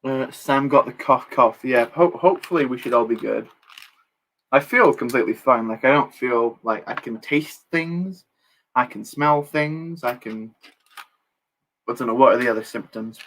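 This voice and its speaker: A man's voice: mid-range voice, normal speed, gravelly, long pauses, a bit bright, slight background noise. A young man chatting casually on a live stream while building, reading chat aloud and joking at his own expense. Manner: chatty, reads chat aloud, self-deprecating jokes.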